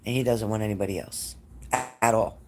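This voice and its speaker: A man's voice: fairly low pitch, fast talker, noisy background. A man doing psychic readings on a live stream, speaking straight to his viewers by name and growing emotional as he talks. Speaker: psychic reader.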